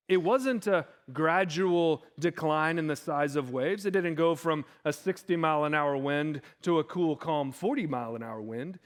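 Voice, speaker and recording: A male pastor delivering an animated sermon in church, often acting out the voices of the people he quotes. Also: on the high side. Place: church sanctuary.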